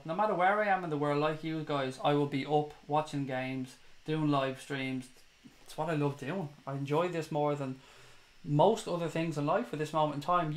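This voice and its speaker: An Irish man from Dublin hosts a live chat stream for fellow fans, with a voice that sits a little high for a man. He talks directly to his viewers, airs strong opinions and swears freely, mixing banter with heated rants. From Ireland (Dublin). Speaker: fan channel host.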